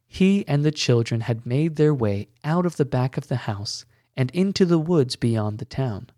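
A man reading a storybook in scripted narration with a measured, even delivery. He takes his time, and his voice sounds dry and close to the mic. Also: medium pitch, no echo.

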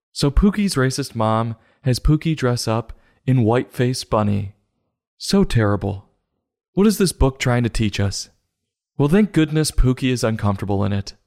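A man hosting a comic book review show, delivering mock-serious, sarcastic commentary in a deadpan way. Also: medium pitch. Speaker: host.

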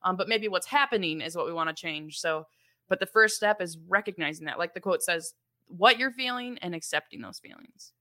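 A woman's voice: on the low side, a little fast, pushed and bright. A young adult woman co-hosting a parenting podcast, explaining things in a chatty, casual way with frequent laughs and fillers. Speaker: podcast co-host.

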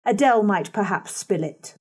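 A woman voicing a kindly older housekeeper who speaks quietly and mildly in a storybook reading. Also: medium pitch, lively intonation, normal speed, husky. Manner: quiet, mild.

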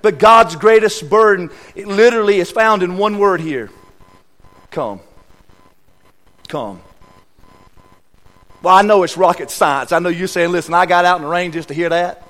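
Emphatic high-voiced male preacher. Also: a little fast. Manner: emphatic, repeats key words, swings between loud and hushed. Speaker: guest preacher. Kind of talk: sermon. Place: church sanctuary.

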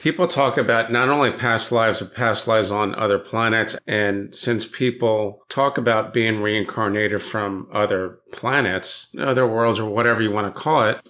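A man hosting a podcast interview, asking thoughtful, measured questions and adding his own views. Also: on the low side, fairly bright tone. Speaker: podcast host.

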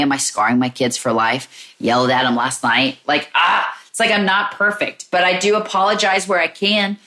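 On her solo podcast, a woman with a low, slightly bright voice reflects candidly, as if searching for her thoughts. She leans often on "like" and "you know."

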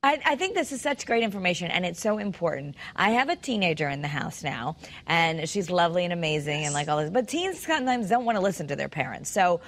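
A woman's voice: fairly low pitch, lively intonation, fast. A mother hosting an interview, affirming her guest and asking long, rambling questions about parenting. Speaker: interview host. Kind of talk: casual interview talk.

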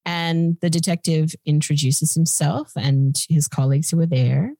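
A woman's voice: low voice, normal speed, gravelly, dark tone, no room sound. A woman hosting a podcast, casually telling a true-crime story in a chatty, blunt way. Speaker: podcast host.

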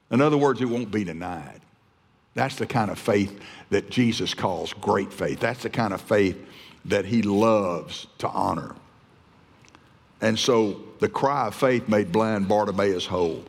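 A man's voice: on the low side, measured pace, gravelly. A man preaching a fervent, emphatic sermon, often restarting his phrases. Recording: long hall reverb.

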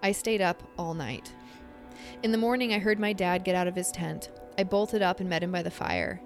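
A young adult woman co-hosting a podcast, reading a scary story and then chatting, with animated, halting storytelling full of fillers. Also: on the low side, soft background music. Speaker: podcast co-host. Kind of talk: casual chat and story reading.

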